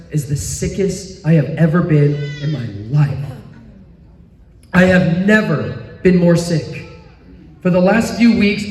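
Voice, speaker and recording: A man with a notably high voice gives an animated storytelling sermon from a conference stage. His delivery is exclamatory and lively. The sound is echoey and roomy, picked up from far off in a large hall. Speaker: conference speaker.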